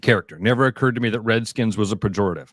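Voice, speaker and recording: A middle-aged man co-hosting a radio sports talk show in casual banter, animated and sometimes slipping into comic voices when he retells a story. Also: fairly low pitch, rapid-fire, no room sound, clean studio sound. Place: radio studio.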